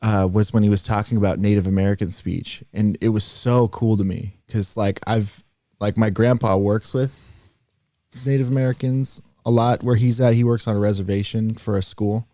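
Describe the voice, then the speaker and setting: Brief Male podcast co-host, low mellow voice, dry close sound, rambling explainer. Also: fairly even intonation, moderate pace, no room sound. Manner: rambling, demonstrates accents while explaining. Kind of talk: casual chat.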